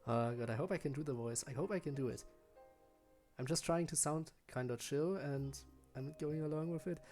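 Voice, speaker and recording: Streaming a video game with faint music behind him, a man chats casually about what he's doing and jokes about his own attempts at character voices. His voice is a little high with a darkish tone, at a moderate pace, and his manner is chatty and self-deprecating.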